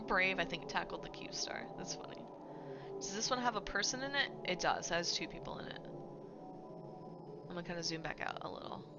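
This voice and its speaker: Excitable chatty woman streamer, low voice. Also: brisk, long pauses, dull audio. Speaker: game streamer. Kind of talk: live game-stream commentary. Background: background music.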